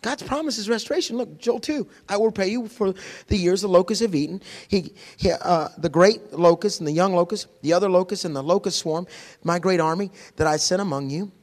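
A middle-aged man preaching a sermon in a church, animated and humorous, jumping from shouts to hushed whispers and acting out voices. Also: high voice, fairly quick, long reverb tail. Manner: acts out quoted voices with humor. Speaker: pastor. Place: church sanctuary.

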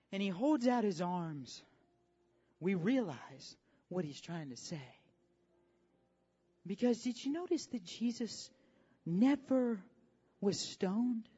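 A preacher delivering a dramatic sermon, repeating phrases for emphasis and swinging from hushed tones to shouts, recorded at a church service. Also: mid-range voice. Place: church service with worship team. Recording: dull lo-fi audio with faint music.

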